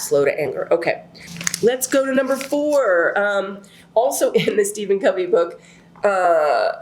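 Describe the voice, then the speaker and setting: A woman's voice: medium pitch, a little mellow, reverberant. A woman teaching a relationship class in a casual, chatty way. She tells personal stories with lots of fillers and asides.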